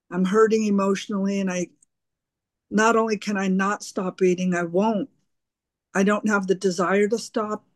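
A woman sharing her recovery story at a twelve-step meeting, halting and earnest, often repeating her words. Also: medium pitch, dry recording. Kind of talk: personal recovery share.

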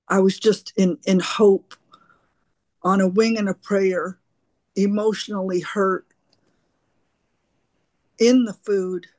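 Woman, recovery share, earnest, halting, repeats words, unhurried, dry close sound. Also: mid-range voice, fairly even intonation, darkish tone, dry recording. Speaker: twelve-step group member sharing her story.

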